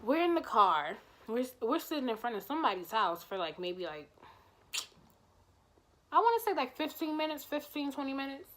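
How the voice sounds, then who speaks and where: High-pitched woman telling a storytime, chatty, swears a lot. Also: normal speed. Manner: animated, chatty and profane. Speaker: vlogger. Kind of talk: storytime vlog.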